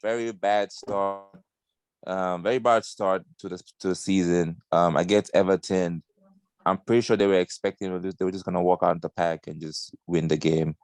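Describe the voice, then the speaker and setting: A man's voice: low-pitched, steady tone, moderate pace, a little mellow, no room sound. A man on a football podcast panel, speaking hesitantly with many fillers in casual chat. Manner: hesitant, many ums and restarts.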